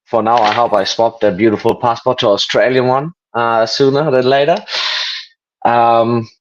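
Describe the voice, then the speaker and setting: A German man in his late twenties with a German accent, a guest chatting casually over a video call, relaxed and joking with many fillers. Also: mid-range voice, normal speed. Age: 20s. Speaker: interview guest. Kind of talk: casual interview chat. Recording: dull lo-fi video call audio.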